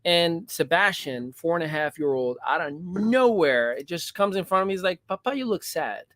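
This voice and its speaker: A man's voice: fairly high pitch, animated, moderate pace, fairly bright tone, no room sound, clean studio sound. A man hosting a panel talk, speaking candidly and telling personal stories with emphasis. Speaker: host.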